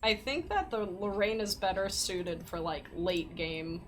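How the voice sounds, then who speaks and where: A woman's voice: mid-range voice, animated, a little slow, slight background noise. A woman co-hosting a casual livestream while playing, with playful, wry asides. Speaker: co-host playing the game.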